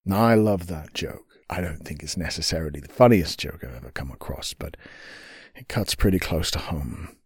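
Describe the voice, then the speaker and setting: Husky, low-voiced podcast host. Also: male voice, lively intonation, moderate pace, no echo, studio quality. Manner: earnest, low-key, drifting into whispers. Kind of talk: reflective podcast monologue.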